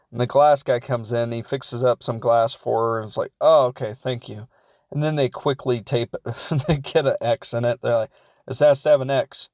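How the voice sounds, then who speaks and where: A man at a middle pitch riffs through a movie plot in a loose, rambling way, throwing in the characters' lines in quotes and laughing at his own jokes. The sound is dry and close, with no room around it. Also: dry recording. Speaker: podcast host reviewing a film. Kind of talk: casual comedic film recap.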